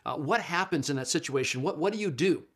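A man's voice: on the high side, lively intonation, quick pace, a bit bright. A middle-aged man giving a conversational lecture on Bible translation, explaining patiently with frequent fillers and restarts. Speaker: Bible scholar and teacher.

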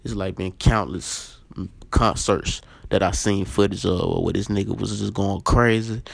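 A man's voice: deep voice, steady tone, a little slow, vocal fry, no room sound. A man hosting a casual podcast, talking bluntly and profanely with emphatic repetition, lecturing his listeners directly. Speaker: podcast host.

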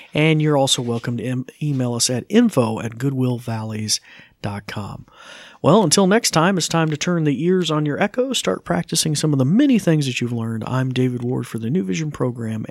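Halting man with a gravelly voice. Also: medium pitch, no room sound, clean studio sound. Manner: halting, many uh fillers. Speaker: podcast host. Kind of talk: casual tech tutorial.

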